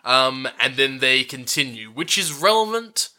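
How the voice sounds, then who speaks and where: A man co-hosting a podcast, recapping a film in excitable casual chat, swearing and saying dude a lot. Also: mid-range voice, measured pace. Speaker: podcast co-host.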